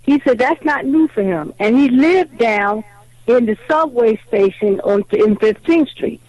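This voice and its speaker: A woman calling in to a radio show, telling a story in an animated, indignant way over a phone line. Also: on the high side, a little slow, dry recording. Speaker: caller.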